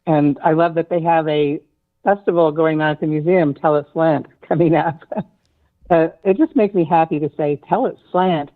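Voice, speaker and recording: A caller phoning into a poetry discussion, warm and enthusiastic and a little rambling. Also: mid-range voice, steady tone, normal speed. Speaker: phone-in caller. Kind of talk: casual seminar discussion. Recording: tinny phone line.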